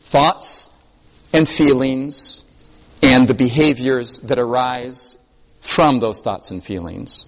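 A man preaching a sermon to a congregation, telling stories expressively and moving between emphatic and soft delivery. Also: medium pitch, slow pace. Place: church hall. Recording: long hall reverb.

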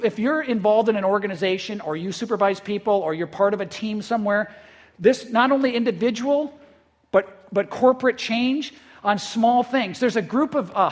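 A man with a notably high voice, preaching like a pastor in easy, conversational talk. He gets caught up in his points and stumbles over repeated words as his enthusiasm runs ahead. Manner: lively, repeats words when excited. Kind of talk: conversational sermon. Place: church in eastern South Dakota.

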